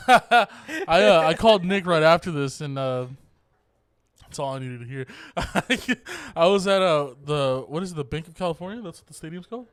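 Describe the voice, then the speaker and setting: A man's voice: on the high side, animated, normal speed, smooth, dry recording. A man chatting casually on a podcast, laid-back and swearing a lot while telling a story. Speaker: podcast co-host. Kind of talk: casual chat.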